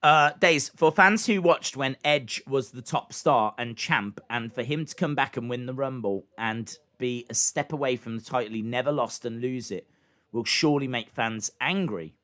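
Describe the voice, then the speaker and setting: A man hosting a live reaction stream, excitably commenting and answering chat questions, his microphone clipping when he gets loud. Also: medium pitch, normal speed. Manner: excitable, hums entrance themes, answers chat. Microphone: desk microphone that clips when loud.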